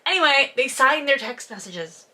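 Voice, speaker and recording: A woman's voice: high voice, lively intonation, moderate pace, sharp tone. Sarcastic woman with a lisp. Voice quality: lisp and stutter. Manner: sarcastic, profane, exasperated. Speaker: host reading and roasting a novel. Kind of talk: casual commentary.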